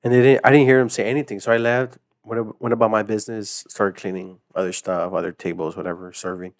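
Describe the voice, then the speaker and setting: Young male podcast guest, lowish voice, rambling, filler-heavy storyteller, dry close sound. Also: steady tone, quick pace, no echo. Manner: rambling storyteller, many fillers, laughing often. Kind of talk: casual chat.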